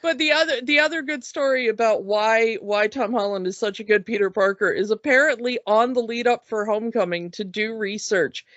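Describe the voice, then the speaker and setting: Woman on a podcast, a bit high, laughs a lot telling stories, dry muffled mic. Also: brisk, few pauses, fairly bright tone, no echo. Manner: giggly, chatty anecdote-telling. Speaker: podcast co-host. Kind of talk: casual podcast storytelling.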